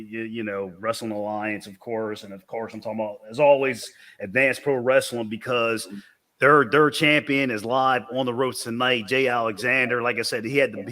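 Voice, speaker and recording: A man's voice: mid-range voice, fairly bright tone. Guy hosting a wrestling chat show, mid voice, hyped, keeps repeating himself. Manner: enthusiastic, repeats words, hypes the guest. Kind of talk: casual interview chat.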